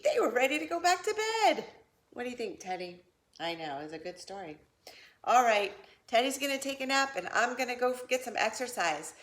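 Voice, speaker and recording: A woman reading a children's picture book aloud, slow, playful and sing-song, putting on voices for the animals. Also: medium pitch, vocal fry. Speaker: storybook reader.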